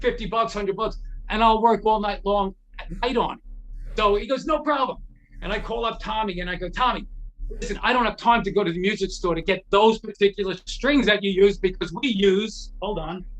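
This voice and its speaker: A middle-aged man, a guitar repair technician, telling lively anecdotes as an interview guest, acting out the voices of the people he quotes and often restarting his sentences. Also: high voice, brisk. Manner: animated, acts out quoted voices, frequent restarts. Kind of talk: anecdotal storytelling in a conversation.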